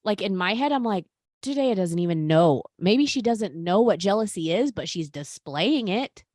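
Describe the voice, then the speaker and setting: A woman hosting a podcast in casual chat, animated and talking straight to her listeners. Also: medium pitch, moderate pace, no room sound, clean studio sound. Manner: animated, talks to listeners as "you guys". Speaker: podcast host.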